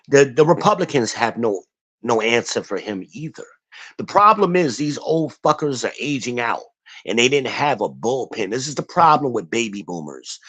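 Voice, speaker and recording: A man's voice: medium pitch, a bit bright. A man hosting a casual stream, ranting bluntly with lots of cursing and rambling asides. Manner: blunt, profane, rambling rant. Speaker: channel host.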